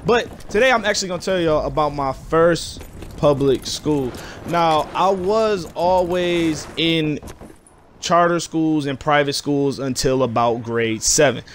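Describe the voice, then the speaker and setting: Young man, gaming YouTuber, slangy and animated, slightly high voice. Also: measured pace, slight background noise. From Detroit, USA. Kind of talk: casual storytelling over gameplay.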